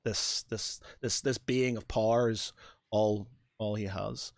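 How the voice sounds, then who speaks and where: A man narrating as game master, halting and restarting often as he describes a scene. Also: lowish voice, fairly even intonation, gravelly, no room sound, clean studio sound. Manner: halting, full of fillers and restarts.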